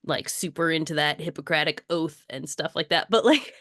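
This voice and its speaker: A woman co-hosting a casual podcast, chatty and quick to laugh. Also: sits low, a bit bright, no room sound, clean studio sound. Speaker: podcast co-host.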